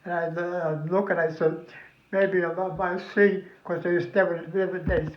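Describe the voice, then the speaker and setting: An older veteran spins long, salty stories for his family, full of swearing. His voice sits fairly high for a man. The lo-fi recording sounds dull and roomy. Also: level tone, moderate pace. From New Jersey. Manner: rambling, profane, folksy. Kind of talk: casual reminiscing.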